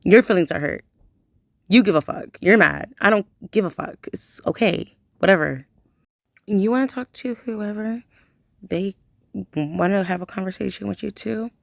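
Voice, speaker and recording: Woman, late twenties, angry vlog rant, profane, creaky fry, dry close sound. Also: medium pitch, moderate pace, no room sound. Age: late 20s. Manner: heated, profane, talks straight at the listener. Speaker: vlogger. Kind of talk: angry direct-to-camera rant.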